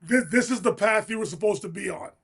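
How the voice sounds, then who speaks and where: A man's voice: high voice, fast, gravelly, fairly bright tone, husky. A man co-hosting a casual chat, talking in an emphatic, encouraging way.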